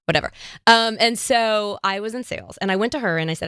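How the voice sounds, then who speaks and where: Woman host, mid-pitched voice, dry close sound, animated storyteller. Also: brisk, clean tone, no room sound. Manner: lively anecdotes, mimics other people's voices. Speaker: podcast host. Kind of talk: casual interview chat.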